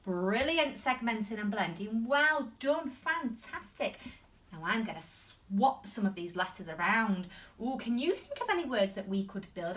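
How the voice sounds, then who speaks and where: A bright-pitched woman with an English accent leads a phonics lesson for small children. Her voice swoops up and down in an exaggerated sing-song way, as teachers use with the very young. She sounds a little distant from the microphone. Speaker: primary school teacher.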